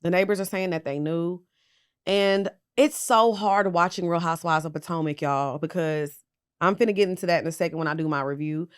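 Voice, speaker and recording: A woman's voice: on the low side, fairly quick, clear, resonant tone. A tipsy woman hosting a casual pop culture gossip show, talking bluntly and sassily to her viewers and swearing freely. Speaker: pop culture commentary host.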